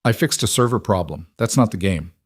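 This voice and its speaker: A guarded ex-soldier father who answers in short, firm lines, as a narrator voices him. The voice sits low and plain. The sound is dry and close. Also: expressive, fairly quick, husky, no room sound. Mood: terse firm. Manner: terse, firm.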